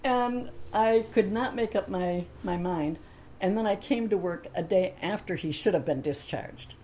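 A woman's voice: fairly low pitch, moderate pace, warm tone, slight background noise. A woman telling a personal anecdote in a chatty way, laughing often and acting out the other people in her story.

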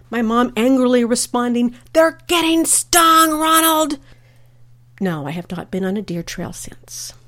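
Chatty woman host reading community events. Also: mid-range voice. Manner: chatty, telling family anecdotes. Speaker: radio host. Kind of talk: scripted community radio segment.

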